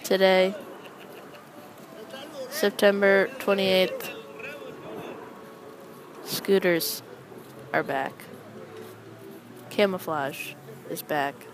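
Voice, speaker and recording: A young adult woman hosting a casual solo chat, rambling with wry, deadpan asides as she comments on people passing by. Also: medium pitch, extremely slow, long pauses, noisy background. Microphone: close microphone.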